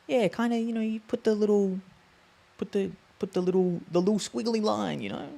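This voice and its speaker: A man teaching a language on a live stream, casual and chatty, repeating sounds slowly to demonstrate them. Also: high-pitched, expressive, gravelly, dark tone.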